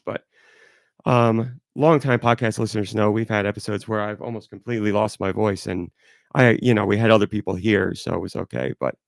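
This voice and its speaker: A sick man hosting a live podcast with a hoarse, stuffy voice, rambling and apologetic. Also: fairly low pitch, dry recording, studio quality. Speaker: podcast host. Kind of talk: casual live podcast chat.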